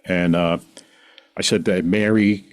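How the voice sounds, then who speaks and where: A man's voice: sits low, slow. Rambling middle-aged man telling a story. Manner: rambling, animated, acts out quoted voices. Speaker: podcast guest. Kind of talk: casual storytelling.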